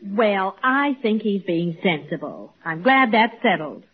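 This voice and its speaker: A woman's voice: mid-range voice, expressive, measured pace, slightly rough. An actress playing a sensible, worried housewife who questions her husband, in 1940s radio comedy. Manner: level-headed, questioning. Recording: lo-fi old radio recording, faint clicks.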